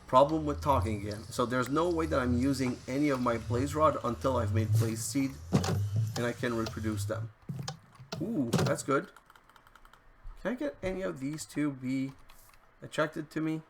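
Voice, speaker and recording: A man with a gravelly, creaky voice narrates his gameplay in a chatty, running commentary. The recording is noisy, with keyboard clicks and typing heard behind him. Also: medium pitch. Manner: chatty, easily frustrated, talks to the game. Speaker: let's play host.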